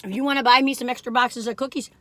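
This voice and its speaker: A woman's voice: on the high side, fast talker, dry recording. Chatty older woman reviewing cookies. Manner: folksy, rambling, warm-hearted chatter with "you all"; excitable, bursts into laughs and squeals. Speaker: food vlogger. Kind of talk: casual chatty taste-test review.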